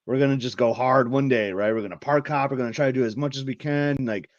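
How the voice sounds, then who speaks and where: A man's voice: medium pitch, fairly even intonation, fast talker, no echo. A man co-hosting a podcast in easygoing casual chat, full of "like" fillers. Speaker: podcast co-host. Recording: dull lo-fi mic.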